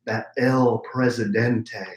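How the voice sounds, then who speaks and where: A man putting on the voice of a gruff Texan boss with a raspy, slow drawl. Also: medium pitch, steady tone, natural voice. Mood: bossy. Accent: Texan, put on. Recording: roomy echo.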